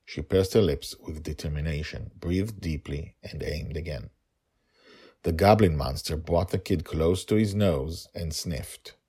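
A man's voice: deep voice, mellow, breathy edge. A man narrating a story and reflecting on it in an emotional, thoughtful way.

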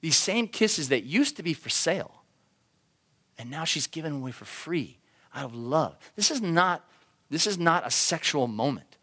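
Animated male preacher, slightly high voice. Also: moderate pace. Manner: animated storytelling, acts out quoted voices. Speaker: pastor. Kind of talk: sermon.

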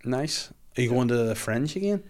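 A man's voice: medium pitch, expressive, moderate pace, a little mellow. A young man hosting a casual comedy podcast, crude and jokey and swearing freely. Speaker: podcast host.

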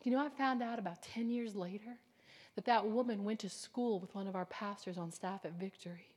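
A woman preaching a sermon with fervor, swinging between loud declarations and hushed whispers. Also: medium pitch, brisk. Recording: long hall reverb.

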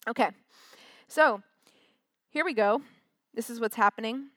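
A woman's voice: a little high, a little slow, pushed and bright, no room sound. A woman giving a casual, chatty sermon from a stage, acting out quotes in little voices. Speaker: preacher.

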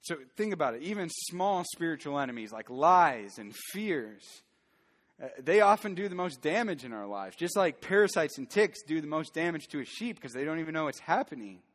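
A man's voice: on the high side, big pitch swings, normal speed. A man preaching a sermon as pastor, earnest and building to fervent emphasis. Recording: long church hall reverb.

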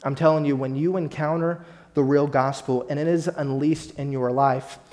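A man's voice: fairly high pitch, steady tone, normal speed, a little mellow. A man as pastor, preaching a sermon and speaking directly to his congregation with rising emphasis.

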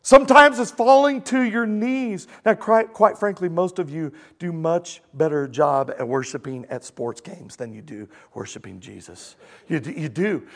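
A man preaching a sermon, emphatic and animated, swinging between loud exclamations and soft, earnest asides. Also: fairly high pitch. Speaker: pastor.

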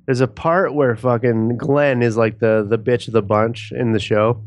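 A man's voice: mid-range voice, fairly even intonation, no room sound. A man co-hosting a podcast, chatting casually, laughing often and swearing. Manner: laughing, profane, quick impressions. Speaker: podcast co-host. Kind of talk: casual chat.

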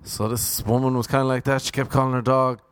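A man's voice: medium pitch, fast, a little hiss or hum. Wry man rambling on his podcast. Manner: wry, rambling storyteller with deadpan asides. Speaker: podcast host. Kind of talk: casual comedic monologue.

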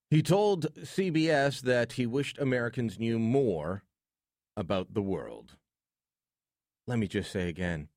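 A man's voice: mid-range voice, no room sound, clean studio sound. A man hosting talk radio in a sarcastic, joking way. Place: radio studio.

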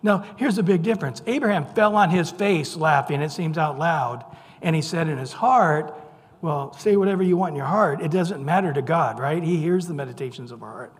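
A man preaches a sermon in a bright, high voice, telling the story casually and with humor. He acts out the voices of the people he quotes. His voice rings out with a long reverb, as if in a large hall. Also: moderate pace. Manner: conversational, playful retelling with voiced quotes.

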